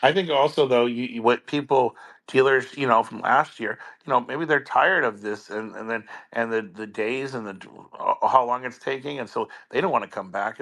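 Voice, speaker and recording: Bright-voiced, halting man. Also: mid-range voice. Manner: halting, many restarts and repeated words. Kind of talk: casual chat.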